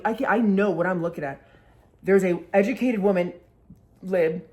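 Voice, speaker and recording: A twentysomething woman vlogger with a lowish, slightly mellow voice tells a story at normal speed. She's casual and chatty, swears freely, and says "like" constantly.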